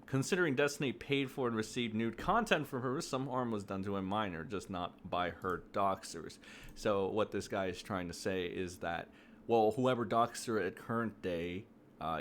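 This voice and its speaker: A man's voice: lowish voice, a bit bright, a little hiss or hum. A man ranting through casual commentary, profane and exasperated, full of fillers and mocking quotes. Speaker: commentary streamer.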